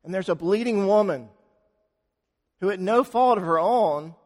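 A man preaching a sermon, telling a story dramatically and swinging from loud, fast passages to hushed, slow ones. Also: high voice, long reverb tail.

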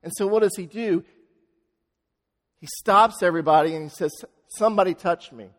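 Preaching in a large hall, a man tells a dramatic story, his high-sitting voice rising into loud, fast sections and then dropping to quiet, slow ones.

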